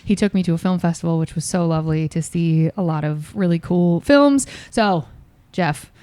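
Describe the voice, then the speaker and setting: A woman hosts a podcast, her voice a little low and recorded dry and close. She reads a guest introduction with a teasing, playful air, correcting herself with good humor. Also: normal speed, mellow, clear, resonant tone, no echo. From Ohio, USA. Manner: playful, teasing, apologetic over slips. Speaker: podcast host. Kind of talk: reading a guest bio, then casual chat.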